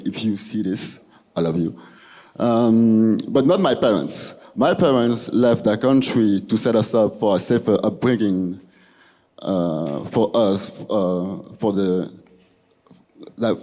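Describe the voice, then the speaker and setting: A young man from Belgium with a French accent, a student giving a halting presentation speech in a large hall. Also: fairly low pitch, mellow. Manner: halting, restarting phrases. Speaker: student speaker. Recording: long hall reverb.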